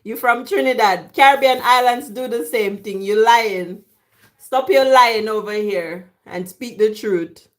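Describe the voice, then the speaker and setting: A London cooking vlogger with a voice on the high side talks slowly while cooking in her home kitchen during a chatty live stream. She teases and banters with viewers, recorded by a camera on a tripod.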